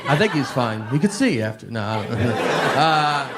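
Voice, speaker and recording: A middle-aged man from Tennessee, telling rambling deadpan stories in a stand-up comedy set. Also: medium pitch, normal speed, a loud crowd, heavy background noise. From Tennessee, USA. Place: comedy stage with live audience. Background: audience laughter.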